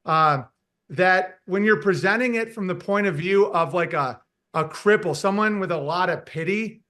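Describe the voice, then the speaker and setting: A man with a high, bright voice holds forth in a casual podcast chat. He rambles from one point to the next, slips into mocking impressions, and laughs at his own jokes. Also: moderate pace.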